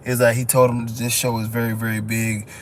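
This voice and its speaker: A man, telling a story in casual live-stream chat, profane and quick to laugh. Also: mid-range voice, little pitch movement, a little hiss or hum. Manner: loose, profane, laughs often, lots of "you know what I'm saying". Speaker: dog show judge and breeder telling stories.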